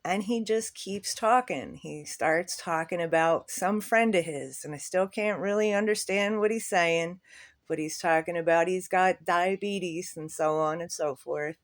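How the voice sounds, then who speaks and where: A man's voice: sits high, measured pace, a bit bright, dry recording. Candid rambling male storyteller, dry sound. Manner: candid, rambling, with swearing and nervous laughs. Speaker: flea market vendor. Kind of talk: casual storytelling monologue.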